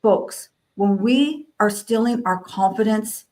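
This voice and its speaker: A woman's voice: medium pitch, slow pace, a little mellow. A woman speaking on a video call panel, giving a motivational talk and repeating lines for emphasis.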